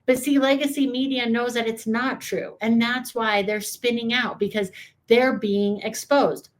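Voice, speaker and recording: A woman's voice: a little high, fairly even intonation, a little slow. A woman hosting a reaction video, giving sarcastic, opinionated political commentary and talking straight to her viewers.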